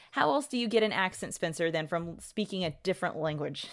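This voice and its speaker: Firm-talking woman co-host, low voice. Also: expressive, moderate pace. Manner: firm, argumentative, many restarts. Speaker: podcast co-host. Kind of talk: casual panel discussion.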